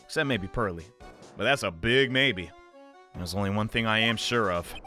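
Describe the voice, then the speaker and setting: A man giving goofy, animated commentary while playing a video game on his channel. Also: lowish voice, moderate pace, soft background music. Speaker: gaming YouTuber. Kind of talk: let's play commentary.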